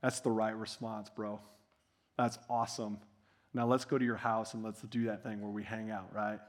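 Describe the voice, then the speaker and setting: Jesus as done by a preacher: calm, quiet, buddy-like. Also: male voice, on the low side, moderate pace, pitched below the performer's own voice, close to an everyday voice. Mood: friendly. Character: Jesus, a calm, friendly adult man.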